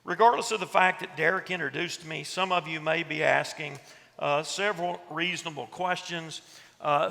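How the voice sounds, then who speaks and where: A man's voice: a little high, normal speed, gravelly, pushed and bright. A middle-aged man from West Texas with a nasal twang, teaching a church conference audience with self-deprecating jokes. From West Texas, USA. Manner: self-deprecating, joking storyteller. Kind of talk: teaching talk to a seated audience. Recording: long reverb of a large room.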